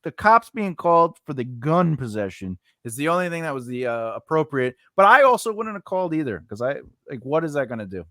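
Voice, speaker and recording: A man's voice: a little high, sing-song, a little fast, hardly any pauses, fairly bright tone, no echo, studio quality. A man, a podcast guest, chatting in a laid-back, joking way. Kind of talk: casual chat.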